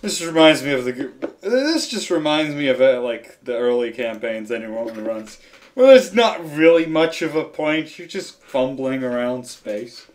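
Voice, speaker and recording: A man's voice: medium pitch, expressive, a little hiss or hum. Guy player, dry jokey asides, swears a lot, mid voice. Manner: dry, quick remarks, swears casually. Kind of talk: playing a tabletop game with friends.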